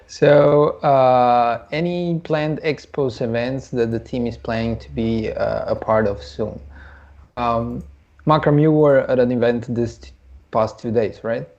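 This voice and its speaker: Slow gravelly-voiced man, lo-fi. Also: mid-range voice, fairly even intonation, darkish tone. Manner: hesitant, many fillers. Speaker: co-host. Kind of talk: casual livestream Q&A.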